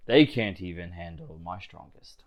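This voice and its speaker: A man voicing a proud, gruff tavern keeper who speaks in a dry, measured way. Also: low voice, expressive, muffled recording. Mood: wry.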